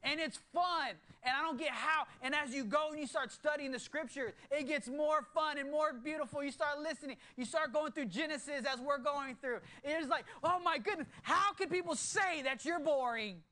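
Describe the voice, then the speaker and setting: A pastor in his thirties preaches a sermon to his church at normal speed with few pauses. He moves from hushed, earnest low tones into excited bursts.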